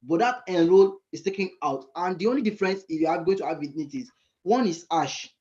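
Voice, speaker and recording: A man mentors beginner frontend coders in a live online session, his voice sitting a little high. He thinks out loud as he types and keeps stopping to hunt for the right term. The sound is dull and lo-fi, like call audio. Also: fairly quick. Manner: thinks aloud, often searching for words. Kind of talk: live screen-share coding lesson.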